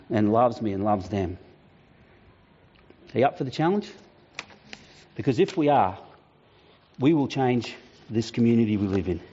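A man's voice: medium pitch, warm tone, breathy edge, muffled recording. A male pastor preaching a sermon, telling stories with animation and frequent restarts.

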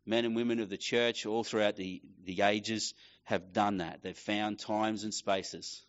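A man's voice: lowish voice, steady tone, unhurried, lo-fi sound. A middle-aged man preaching a casual sermon, acting out quoted voices as he tells a story. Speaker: pastor.

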